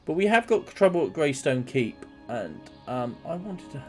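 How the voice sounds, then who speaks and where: A man's voice: a little high, big pitch swings, moderate pace, over music. A man giving casual, rambling gameplay commentary as a streamer. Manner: rambling, chatty, self-mocking.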